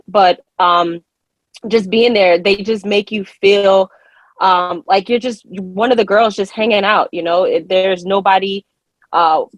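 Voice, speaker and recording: A woman's voice: mid-range voice, dry recording. A woman with a New Jersey accent, a wrestler guesting in a casual interview, laid-back and rambling.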